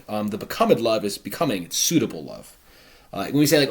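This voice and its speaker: A man's voice: fairly low pitch, very animated, brisk. A man teaching a play, explaining each line in a conversational, paraphrasing way with casual fillers. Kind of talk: explanatory literature lesson.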